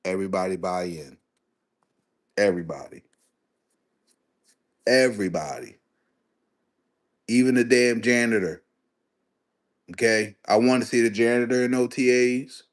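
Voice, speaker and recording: A young man hosting a casual live stream, talking sports in a slangy, animated way and answering his chat. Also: on the low side, unhurried, long pauses. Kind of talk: casual livestream sports commentary.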